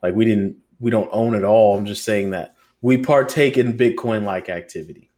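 A man's voice: on the low side, moderate pace, dark tone. An American man co-hosting a podcast roundtable, talking in a loose, joking, profane, rambling way. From United States. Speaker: podcast co-host. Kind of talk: casual roundtable chat.

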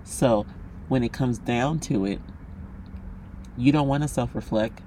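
A man's voice: mid-range voice, measured pace, warm tone, a little hiss or hum. A man hosting a solo podcast monologue, talking bluntly and passionately, with plenty of swearing and direct address to the listener. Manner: blunt, profane, passionate ranting; emphatic, talks straight at the listener. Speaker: podcast host.

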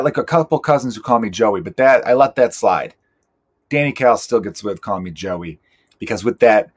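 A man's voice: mid-range voice, husky. A man in his thirties, a stand-up comedian hosting his own podcast, rambling in a profane, self-mocking, joking way. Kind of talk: casual solo podcast monologue.

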